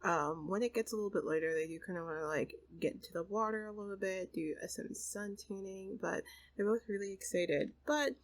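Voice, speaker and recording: A woman's voice: medium pitch, brisk, poor audio. A woman hosting and casually narrating a life-simulation game story, chatty and full of fillers. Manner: chatty, full of fillers like kinda and you know. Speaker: host and storyteller.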